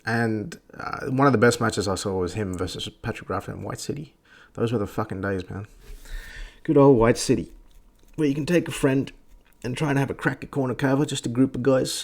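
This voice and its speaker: A man's voice: medium pitch, moderate pace. A young Australian man ranting crudely and sarcastically on a casual podcast, cutting in with mocking voices. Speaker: podcast host. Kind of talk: casual rant.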